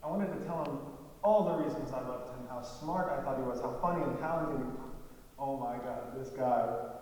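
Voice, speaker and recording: A man performing a heartfelt solo stage monologue, halting with long pauses. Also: medium pitch, darkish tone. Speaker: storyteller. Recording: echoey hall from far off, faint hiss.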